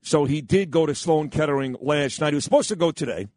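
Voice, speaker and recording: A man's voice: on the high side, lively intonation, quick pace, a little mellow, dry recording. Brash New man in his fifties hosting. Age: 50s. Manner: brash, self-mocking, rambling. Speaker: radio show host. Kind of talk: morning talk radio banter. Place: radio studio. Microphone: close studio mic.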